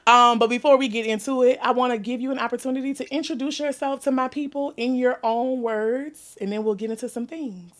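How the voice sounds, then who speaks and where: A woman's voice: a little high, steady tone, a little fast, few pauses. A woman in her thirties with a New Orleans accent, hosting a candid podcast conversation and laughing often as she talks. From New Orleans, USA. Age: 30s. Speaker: podcast host.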